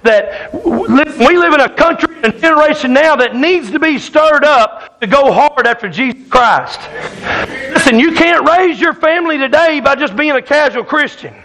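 A man's voice: very high voice, animated, normal speed, pushed and bright, low-quality recording. A man preaching a sermon in a church, telling a folksy hunting story that keeps the congregation laughing. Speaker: pastor. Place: church sanctuary.

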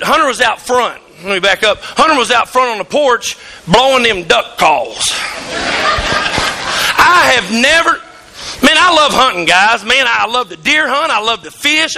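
High-pitched gravelly preacher. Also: male voice, background noise. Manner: folksy storytelling, rising to shouts. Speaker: pastor. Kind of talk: sermon. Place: church sanctuary.

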